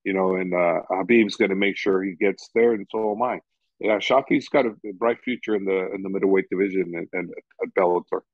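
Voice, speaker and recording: A man's voice: sits low, brisk, no room sound. A man who coaches fighters, speaking in a casual interview, rambling and repeating "you know" often. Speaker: MMA coach. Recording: dull lo-fi sound.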